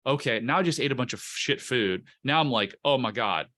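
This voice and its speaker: A man's voice: mid-range voice, lively intonation, a little fast, sharp tone. A man on a podcast interview, explaining emotional self-help in an earnest, coaching way, often restarting words. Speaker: guest, coach.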